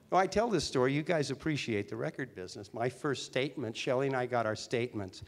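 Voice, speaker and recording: A man in his sixties, a former teen singer and actor, telling animated anecdotes as an interview guest. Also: mid-range voice. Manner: chatty, animated, with restarts. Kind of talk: storytelling interview talk.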